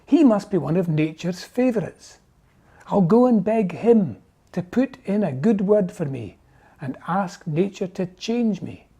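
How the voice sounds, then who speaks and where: Casting: reader voicing a whiny, self-pitying little male owl for a storybook, slow and mellow. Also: medium pitch, animated, husky. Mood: hopeful. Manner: whiny, moaning, pleading. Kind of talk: storybook reading.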